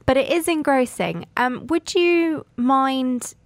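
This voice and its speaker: A woman's voice: sits high, takes it slowly, dry recording. Woman book host, friendly questions, dry studio sound. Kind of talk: radio book chat.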